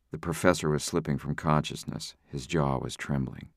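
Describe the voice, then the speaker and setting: A male audiobook narrator with a very deep voice and a gravelly rasp at the bottom of it. He reads at a measured, steady pace, close to a dry mic with no room sound. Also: no echo. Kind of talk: scripted narration.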